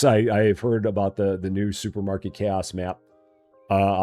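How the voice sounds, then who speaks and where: A man's voice: low voice, warm tone, no echo. A man casually commenting as he plays a store-building game on a live stream, chatting to viewers and joking to himself. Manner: chatty, talks to himself and chat, jokey mock voices. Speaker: streamer playing a store simulator.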